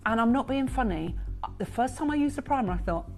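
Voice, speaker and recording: A woman in her sixties pitches products live in a TV studio. Her voice sits a little high, and her chatty, emphatic delivery gushes over everything. Faint music plays behind her. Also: animated, fairly quick. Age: 60s. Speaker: shopping channel presenter.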